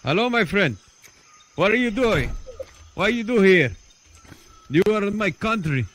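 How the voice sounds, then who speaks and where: A man's voice: high-pitched, big pitch swings, a little slow, a bit bright, a little hiss or hum, pitched above the performer's own voice, full character voice. A man voicing a blustering improvised pirate with an exaggerated mock foreign accent.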